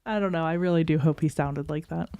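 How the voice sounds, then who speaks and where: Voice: mid-range voice, quick pace, warm tone, a little hiss or hum. A co-host chiming in and laughing along in a casual chat.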